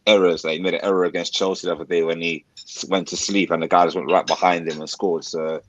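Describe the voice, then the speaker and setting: A man co-hosting a football chat, giving his opinions in a measured, casual way with a few restarts. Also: low voice, little pitch movement, a bit bright, highs cut off. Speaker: football podcast co-host.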